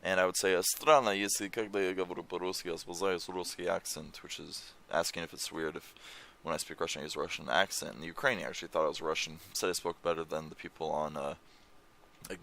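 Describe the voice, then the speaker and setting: A young man talks loosely at home, rambling from one thought to the next and swearing offhandedly. His voice sits very low with a gravelly fry, yet it carries a bright, forward edge. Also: steady tone, fast talker, slight background noise. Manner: rambling, swears casually, reads foreign lyrics aloud. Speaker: language-learning vlogger. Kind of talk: casual screen-share chat. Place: home room.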